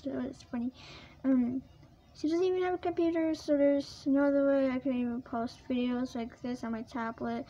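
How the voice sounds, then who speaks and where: A woman's voice: high-pitched, normal speed, dark tone, muffled recording. A female vlogger chatting casually to camera about her toy collection, rambling with lots of fillers and restarts.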